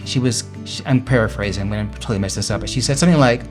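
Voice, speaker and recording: A man's voice: fairly low pitch, rapid-fire, over music. A man earnestly talking through personal affirmations in a motivational vlog, encouraging and emphatic. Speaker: vlogger sharing affirmations. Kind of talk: motivational talk to camera.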